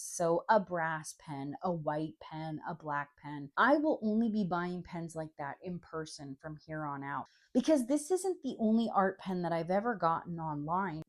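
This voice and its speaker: Young woman pen vlogger, kinda low voice, acts out the emails as she tells it. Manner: storytelling, acts out her emails and the replies. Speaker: pen reviewer. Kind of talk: personal review vlog.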